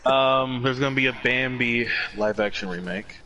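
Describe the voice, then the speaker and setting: A man's voice: medium pitch, moderate pace, pushed and bright, lo-fi sound. A man rambling hesitantly with many ums while chatting with friends on a stream. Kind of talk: casual gaming chat with friends.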